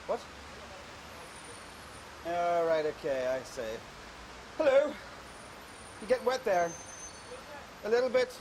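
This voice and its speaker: A man with a Northern Irish accent, part of a public art event, bantering cheekily with a crowd in a large outdoor square. His high voice is sing-song and slow, with long pauses, and the recording is very noisy.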